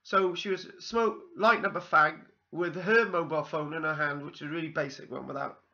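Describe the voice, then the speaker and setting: Bright-voiced Welsh man rambling on. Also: a little high, fairly even intonation, fairly quick, highs cut off. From South Wales. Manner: meandering, full of ums and asides. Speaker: vlogger. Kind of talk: rambling personal anecdote.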